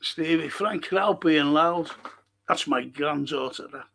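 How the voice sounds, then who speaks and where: Gravelly older man yelling at football. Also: fairly high pitch, slow pace. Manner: blunt, swears and urges players on. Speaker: podcast host reacting live to a match. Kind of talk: live match reaction chat.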